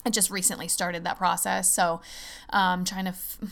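Gravelly, excitable woman podcast host. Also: fairly low pitch. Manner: excitable, fast-talking, swears often. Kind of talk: casual solo podcast chat.

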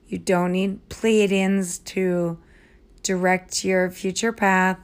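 A woman hosting a podcast, rambling through tangents as she processes her thoughts out loud into her phone. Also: medium pitch, level tone, slow pace, clean tone. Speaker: podcast host and online English tutor. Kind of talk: rambling spoken-aloud voice memo. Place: home, Minnesota.

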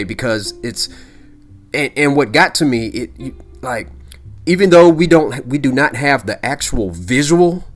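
A man hosting a solo podcast, talking casually and emphatically, repeating himself and checking in with "okay?" and "all right?". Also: medium pitch. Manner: rambling, peppers lines with "okay?" and "all right?". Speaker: podcast host.

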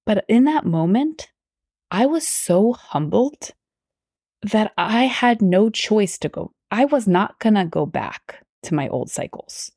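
A woman's voice: lowish voice, animated, slow, a little mellow, no echo, clean studio sound. A young adult woman hosting a personal faith podcast, telling her story earnestly and drifting into tangents as she quotes her own past thoughts. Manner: earnest, tangent-prone, quotes herself aloud. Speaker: podcast host; teacher.

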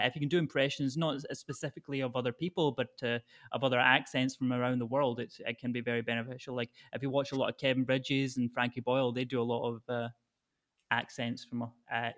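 A man's voice: mid-range voice, fairly bright tone. A Scottish man, a stand-up comedian, answering interview questions in casual chat, with many fillers and restarts. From Scotland. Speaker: stand-up comedian, podcast guest.

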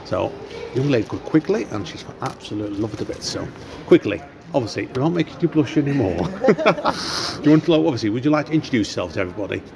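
A man's voice: mid-range voice, very animated, fast talker, gravelly. Man interviewing in a busy café. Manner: chatty, rambling, many fillers. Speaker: podcast host. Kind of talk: casual interview chat. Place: library café. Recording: busy café crowd behind. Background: café crowd chatter.

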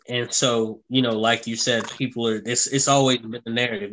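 Man, podcast host, earnest rambling opinion talk, bright tone. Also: medium pitch, a little hiss or hum, poor audio. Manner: earnest, rambling, many restarts and asides.

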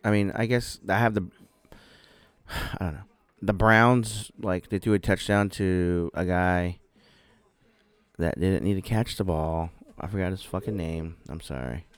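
A man's voice: sits low, unhurried, pauses often, clean tone, no room sound. A man co-hosting a casual podcast, laid-back, swearing freely and laughing often. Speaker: podcast co-host. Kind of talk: casual chat.

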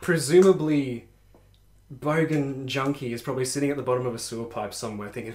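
A young man telling a story in casual podcast chat, animated and laughing, with many restarts. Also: mid-range voice, a little fast. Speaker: podcast co-host. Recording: echoey room.

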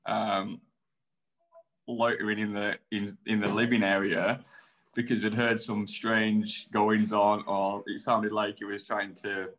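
Relaxed British man with an Australian twang. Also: lowish voice, takes it slowly. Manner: relaxed, matey, reminiscing. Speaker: podcast guest, former cyclist. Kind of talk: casual podcast interview. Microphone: video call.

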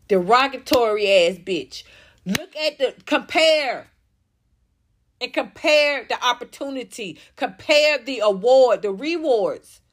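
A young woman tears into her subject in heated reaction commentary. Her voice sits fairly high, and her delivery is profane and scornful. She rants on in a mocking tone. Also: a bit bright. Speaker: commentary vlogger.

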